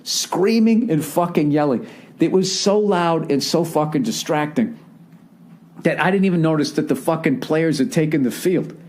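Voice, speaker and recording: A man in his forties with a Boston accent, hosting a podcast and telling a profane, animated comedic rant. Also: fairly high pitch, moderate pace. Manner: profane, ranting, animated storytelling. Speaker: podcast host. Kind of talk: casual comedic monologue.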